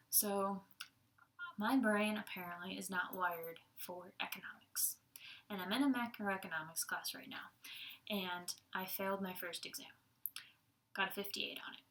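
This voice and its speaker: Bright-voiced young woman giving a devotional. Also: medium pitch. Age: young adult. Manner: chatty, laughs often, many fillers. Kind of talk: casual Sunday devotional talk.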